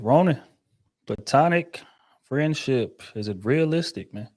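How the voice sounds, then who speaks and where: A man's voice: lowish voice, moderate pace. Laid-back slangy male host. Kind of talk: casual panel discussion.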